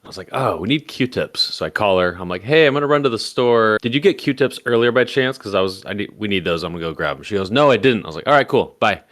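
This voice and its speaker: A man's voice: lowish voice, fast, hardly any pauses. A man co-hosting a podcast, telling casual stories with lots of quoted back-and-forth. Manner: animated anecdote telling with quoted dialogue. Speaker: podcast co-host. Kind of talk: casual chat.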